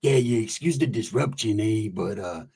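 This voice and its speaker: A man voicing an older gang veteran who talks slow, low and pompous. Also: animated, warm tone, slightly rough, exaggerated voice.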